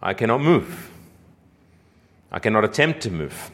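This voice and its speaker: A man preaching a sermon, slow and emphatic, with deliberate pauses and key phrases that drop low and quiet. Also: big pitch swings. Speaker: pastor.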